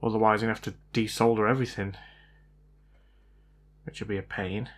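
A man's voice: lowish voice, little pitch movement, brisk, slight background noise. A man talking through a repair as he works, thinking aloud and often unsure of himself. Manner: hesitant, unsure, self-doubting. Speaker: hobbyist repair vlogger. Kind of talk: casual thinking-aloud commentary.

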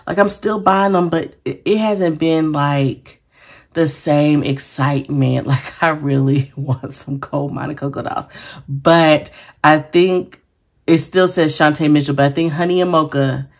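Low-voiced chatty woman vlogger. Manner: chatty, giggly, addresses viewers as y'all. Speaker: planner sticker vlogger. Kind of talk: casual chat.

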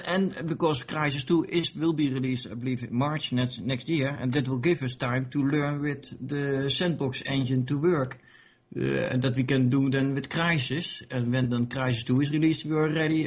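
A man being interviewed about his game mod, talking casually with many fillers and restarts. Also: medium pitch. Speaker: interview guest, game modder.

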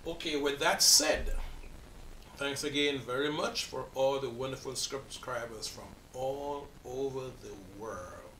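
A man's voice: mid-range voice, bright, forceful tone, echoey room, far from the mic, slight background noise, rough recording. A man in his forties with a Caribbean accent, hosting a reaction video in earnest, rambling talk that restarts its sentences. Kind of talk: casual reaction commentary.

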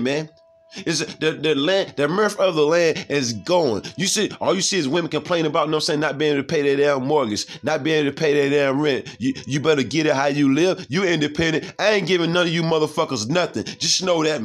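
A man's voice: a little high, fairly quick. Profane, heated male preacher. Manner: profane, heated, keeps asking "you see?"; reads verses aloud, then comments on them. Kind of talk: informal scripture preaching.

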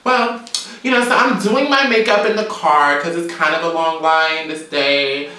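A woman from Georgia, telling a story in a sassy, animated, profane vlog rant. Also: deep voice, moderate pace, distant mic, a little hiss or hum. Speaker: vlogger. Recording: very echoey room, away from mic.

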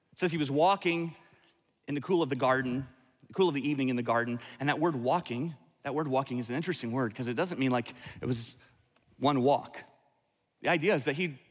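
Earnest pastor preaching in a big hall. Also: male voice, medium pitch. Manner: earnest, repeats words when restarting. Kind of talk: sermon. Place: large church sanctuary.

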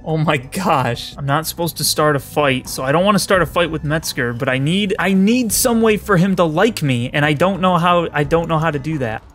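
A man commentating his own game playthrough, exasperated and excitable, often shouting at his companion. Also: fairly high pitch, moderate pace, hardly any pauses, soft background music. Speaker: gaming streamer. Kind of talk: let's play commentary.

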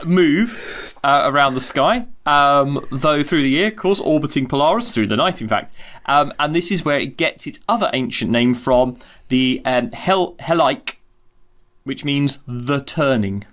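On an astronomy podcast recorded over a video call, a male co-host with a mid-range, somewhat bright voice tells myths. His casual storytelling is cheeky and irreverent, sprinkled with swearing.

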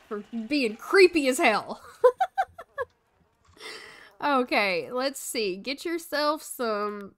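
A woman's voice: a little high, a bit bright. A young woman streaming a life-sim game, chatting casually, telling her characters what to do and answering her chat. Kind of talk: live gameplay commentary.

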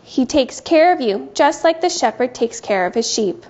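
A woman giving a gentle, sing-song Bible lesson to small children. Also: sits high, lively intonation, moderate pace, muffled recording. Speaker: children's teacher.

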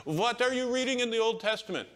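A man voicing an excited, very elderly man on a plane who speaks loudly and eagerly. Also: a little high, fast, pitched above the performer's own voice. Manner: loud, eager exclamations.

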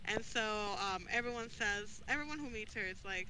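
A woman's voice: fairly high pitch, lively intonation, normal speed, sharp tone, slight background noise, poor audio. A woman streaming a ghost-hunting game, chatting casually, giggling often and greeting viewers. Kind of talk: casual gameplay chat.

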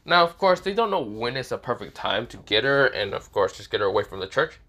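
A man's voice: sing-song, fairly quick, pushed and bright. Rambling young man telling a fan story. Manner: rambling, many fillers, rises in pitch often. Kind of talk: improvised fan-fiction narration.

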